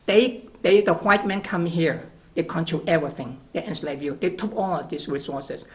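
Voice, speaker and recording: A man's voice: fairly high pitch, moderate pace, a bit bright. A man guest in a TV interview, arguing his point emphatically with rhetorical questions and restarts. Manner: emphatic, rhetorical questions, repeats words at the start of phrases. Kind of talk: argumentative interview answers.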